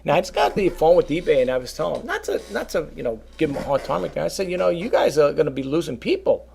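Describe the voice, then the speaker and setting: A man talking casually to his viewers about reselling, rambling and animated, often calling them folks. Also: a little high, fast talker, creaky, a little hiss or hum. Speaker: reseller vlogger. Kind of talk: casual talk to camera.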